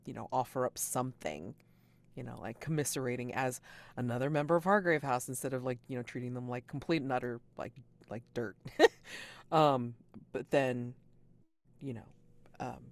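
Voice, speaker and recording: A man chats loosely after a tabletop game session, piling on fillers as he circles his points. Now and then he bursts up into excited, high-pitched reactions before settling back down. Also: normal speed, vocal fry, no room sound. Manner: rambling, heavy with fillers and sudden excited outbursts. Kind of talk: casual post-session feedback.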